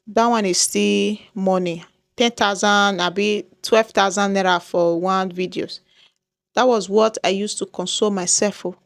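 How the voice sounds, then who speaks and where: A woman's voice: medium pitch, dry recording, studio quality. A woman with a Nigerian accent vlogging to her viewers, dramatic and exclaiming, often repeating herself. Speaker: YouTuber. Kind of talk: casual vlog talk to viewers.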